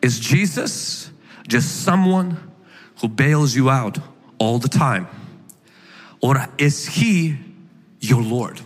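A male pastor preaching a sermon, emphatic and animated, at times shouting his points. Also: medium pitch, slow pace, pauses often. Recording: echoey hall with faint music.

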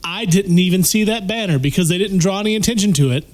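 Dry sarcastic guy, slightly high voice, casual movie recap. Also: quick pace. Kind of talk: casual movie review chat.

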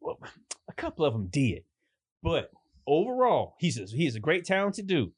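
A man telling stories in casual chat, animated and swearing, jumping into high voices when quoting people. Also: moderate pace, breathy edge, no room sound, clean studio sound. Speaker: podcast guest telling stories.

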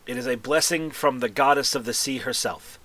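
A man's voice: mid-range voice, a bit bright, natural voice. Man doing a stately, courteous sea-folk envoy. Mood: gracious. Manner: slow, stately, polite speech. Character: formal courteous male Triton envoy.

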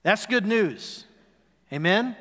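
Preaching slowly in a high-pitched, animated voice with a sharp tone, a pastor in his forties tells a story and asks the congregation questions. He is in a church sanctuary, and a worship hall's long reverb fills the recording.

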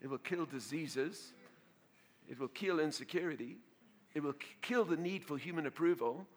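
A male pastor preaching a sermon to a congregation, telling a story in an animated way, laughing and often repeating and restarting his words. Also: on the high side, normal speed.

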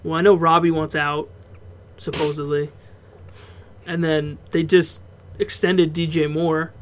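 A man's voice: a little high, a little slow, slight background noise. A man co-hosting a casual sports podcast, talking loosely and swearing now and then. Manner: relaxed, swears freely, breaks off into laughs. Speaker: podcast co-host.

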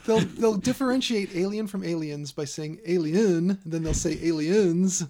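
A middle-aged man with a softened Chicago South Side accent, hosting a podcast in casual, jokey chat. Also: sits high, animated, a little fast, slight background noise. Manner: jokey, laughs often. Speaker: podcast host.

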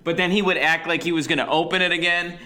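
Bright-voiced man chatting casually. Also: fairly high pitch, steady tone, fast. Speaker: podcast co-host. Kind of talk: casual chat.

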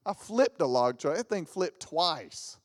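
A man's voice: on the high side, unhurried, in a large hall. A man, preaching as a guest pastor and telling funny stories with put-on voices. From Southern United States. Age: 40s. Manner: animated storytelling with jokes and mimicked voices. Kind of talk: lively sermon with stories. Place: church sanctuary.

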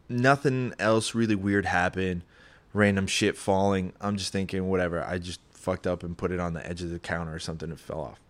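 A young man telling a personal story in a casual, rambling, profane way, getting animated as he retells it. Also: on the low side.

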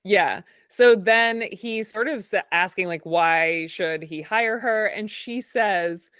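A woman's voice: medium pitch, takes it slowly, hardly any pauses, a bit bright, clean tone, no echo, clean studio sound. A woman co-hosting a podcast, recapping an episode with enthusiasm and frequent laughter. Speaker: podcast co-host. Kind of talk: casual recap chat.

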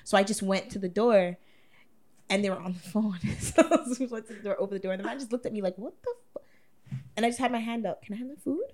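A woman chatting as a guest, blunt and profane, laughing often. Her voice sits at an ordinary middle pitch. She tells things plainly and without fuss. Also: steady tone, quick pace, a little mellow. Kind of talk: casual chat.

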